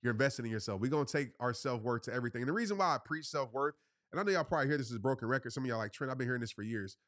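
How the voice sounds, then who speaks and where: A man's voice: mid-range voice, animated, rapid-fire, a bit bright, dry recording, studio quality. A man in his thirties, a motivational speaker giving earnest, casual answers to viewers on a live stream, repeating his points and calling them y'all.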